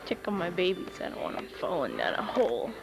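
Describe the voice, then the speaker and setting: A woman's voice: lowish voice, wildly swooping pitch, quick pace, vocal fry, music in the background. A woman filming on a farm, chatting to her kittens and horses in a sing-song pet voice, held camera outdoors. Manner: sing-song baby talk to pets. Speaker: farm vlogger. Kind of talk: casual talk to animals while filming. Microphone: handheld camera.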